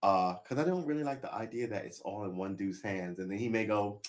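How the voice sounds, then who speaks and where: A man's voice: lowish voice, fairly quick. A man chatting casually on a live stream, rambling and making wry jokes.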